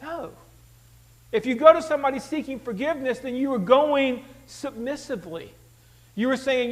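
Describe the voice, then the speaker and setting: A man preaching a sermon in an animated, conversational way, throwing rhetorical questions to the congregation. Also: very high voice, a little fast, low-quality recording. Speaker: pastor.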